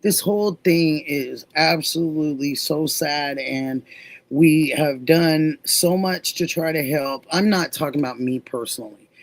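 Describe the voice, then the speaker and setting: Woman host, slow, unhurried storyteller, dry close sound. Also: deep voice, no echo. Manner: reads viewer comments aloud, drawn-out storytelling. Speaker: live stream host. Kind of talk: casual chat and personal story.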